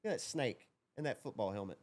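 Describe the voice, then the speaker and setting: An excitable young man chats casually on a podcast, telling stories with a loose, swearing drawl. His voice sits mid-range and sounds dry and close to the mic. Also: medium pitch, fast talker, dry recording. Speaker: podcast co-host. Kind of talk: casual chat.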